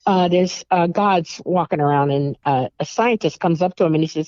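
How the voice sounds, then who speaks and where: A woman's voice: on the low side, normal speed, hardly any pauses, darkish tone, no echo, lo-fi sound. A woman guest on a talk show, chatting casually and emphatically about her experiences, laughing often. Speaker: guest contactee. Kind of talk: casual chat.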